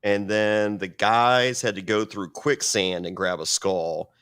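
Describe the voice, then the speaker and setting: A man's voice: lowish voice, steady tone, takes it slowly, a bit bright, clear, resonant tone. Profane rambling man telling stories. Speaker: podcast guest. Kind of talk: casual storytelling.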